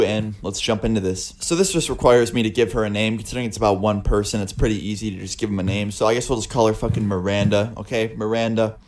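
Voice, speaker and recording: A man's voice: fairly low pitch, a little mellow. A young man telling personal stories to his viewers in a casual, profane way, with a lot of filler words. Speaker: storytelling vlogger. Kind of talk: casual storytelling monologue.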